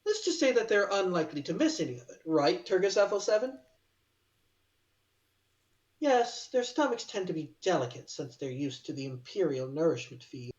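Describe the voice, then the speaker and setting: A man voicing a sly, charming male clone officer with a smooth, teasing manner, recorded distant in a roomy space on a dull mic. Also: high-pitched, big pitch swings, moderate pace.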